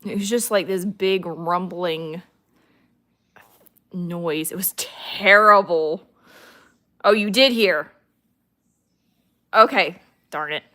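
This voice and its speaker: A woman's voice: fairly low pitch, slow pace, pauses often, bright, forceful tone. A woman hosting a casual livestream at home, chatting to viewers and talking fondly to her dogs. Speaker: livestream host.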